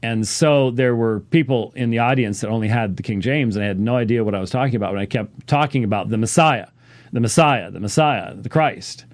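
Male pastor, mid pitch, casual teaching delivery with frequent "uh"s and restarts, close dry recording. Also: no room sound. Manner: halting, many fillers and restarts. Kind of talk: casual spoken Bible teaching.

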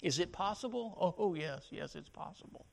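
A man's voice: sits high, animated, moderate pace, vocal fry, slight background noise. A male preacher delivering a sermon, dramatically acting out the lines of Bible characters.

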